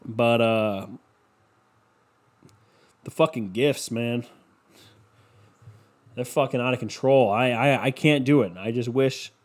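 A man's voice: mid-range voice, takes it slowly, pauses often. A man rambling through a casual solo monologue at home, swearing often and putting himself down. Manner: rambling, profane, self-deprecating.

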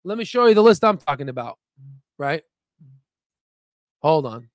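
Male investing host with a higher-than-usual pitch, dry sound; emphatic, rambling, self-promoting commentary. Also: sing-song, moderate pace, no room sound. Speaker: stock market video host. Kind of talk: casual screen-share commentary.

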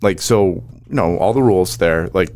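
A man in casual chat, animatedly recounting a match shot by shot. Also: low voice. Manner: animated storyteller, rapid play-by-play recounting.

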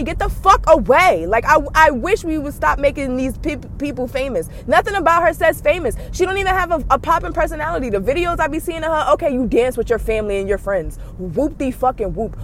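A woman with a high voice tears into celebrities on her podcast, cursing freely and scornfully. She swings from low mutters to shouted blasts. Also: a little hiss or hum. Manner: profane, scornful and heated, with sudden shouted outbursts. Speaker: podcast host. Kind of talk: blunt gossip commentary.

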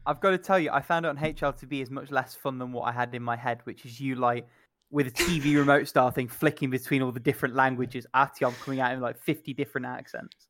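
A man's voice: mid-range voice, fairly even intonation, quick pace, fairly bright tone. Teasing man cracking dry jokes. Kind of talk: casual chat.

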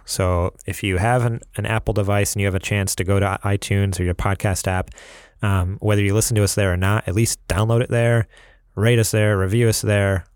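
A man's voice: on the low side, no room sound, studio quality. A man from upstate New York co-hosting a casual podcast, chatting and reading plugs with frequent laughs. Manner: laughs often, reads plugs with rambling asides. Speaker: podcast co-host.

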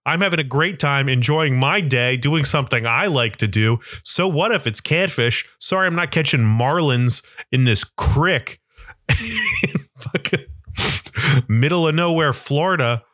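A man's voice: a little high, big pitch swings, measured pace, fairly bright tone, no room sound, clean studio sound. A young adult man telling comic stories in a rambling, self-deprecating way. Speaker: comedian. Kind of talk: comedic monologue.

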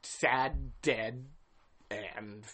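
A man's voice: mid-range voice, steady tone, drawn-out words, sharp tone. A man hosting a casual film commentary podcast, ranting with exasperation and swearing freely. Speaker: podcast host.

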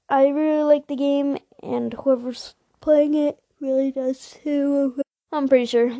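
A woman hosting a podcast, chatting casually about video games in a rambling way with many restarts and quick apologetic asides. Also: on the high side, warm tone, no echo. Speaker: podcast host.

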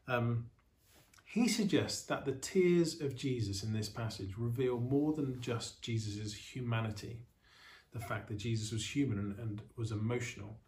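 Earnest and steady, a mid-range male voice delivers a sermon as pastor of an online church service, pausing now and then to reflect.

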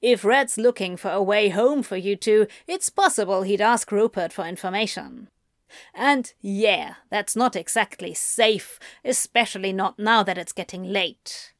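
A woman's voice: mid-range voice, unhurried, no echo, clean studio sound, lightly acted. A woman voicing a grumpy, blunt male demon who drawls coolly and swears. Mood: dry.

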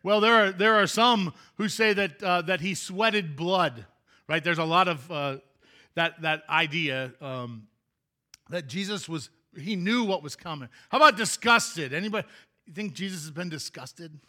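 A man's voice: high voice, unhurried, sharp tone. A male pastor giving a chatty, interactive sermon in a church sanctuary, joking with the congregation and often restarting his sentences.

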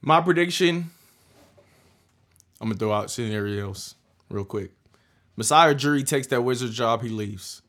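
A man hosting a casual sports podcast, talking in a relaxed, drawling way. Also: medium pitch, moderate pace, long pauses. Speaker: podcast host.

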